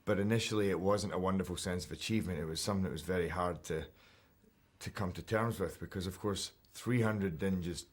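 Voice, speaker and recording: A Scottish man in his thirties talks through an interview at an easy pace with a very low voice. He sounds relaxed and self-deprecating, often restarting his sentences as he thinks aloud. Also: fairly quick. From Scotland. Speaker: actor interviewee. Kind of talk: casual interview chat.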